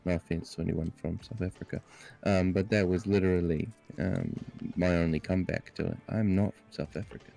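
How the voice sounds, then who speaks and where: A man's voice: deep voice, steady tone, brisk, vocal fry, dark tone, faint music behind. A man with a New Zealand accent, a guest on a casual livestream chat, joking and teasing and swearing freely.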